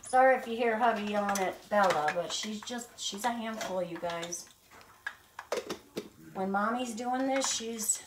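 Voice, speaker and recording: A woman's voice: medium pitch, unhurried, recorded from a distance. A woman hosting a casual cooking livestream from her home kitchen, chatting straight to her viewers as she cooks. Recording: noisy home recording with clicks.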